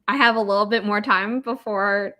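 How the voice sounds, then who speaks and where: A woman's voice: mid-range voice, steady tone, normal speed, bright, forceful tone. A young woman hosting a casual livestream writing session, chatting and answering viewer comments. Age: young adult. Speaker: livestream host, author.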